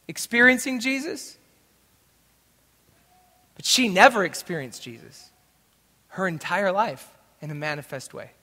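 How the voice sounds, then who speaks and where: A man preaching, telling a personal story with dramatic shifts between loud moments and hushed asides. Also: high voice. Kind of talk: sermon storytelling. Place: live church event in a large hall. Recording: reverberant hall.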